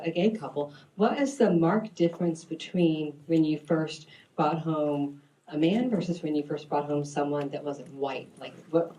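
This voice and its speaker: Woman moderator, very low voice, hesitant phrasing, distant mic. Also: mellow, a little hiss or hum. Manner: hesitant, searching for words. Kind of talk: asking panel questions.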